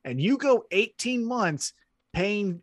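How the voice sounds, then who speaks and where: A man co-hosts a wrestling podcast, chatting casually and telling stories in a blunt, animated way while swearing freely. His voice is high and slow, with no room sound.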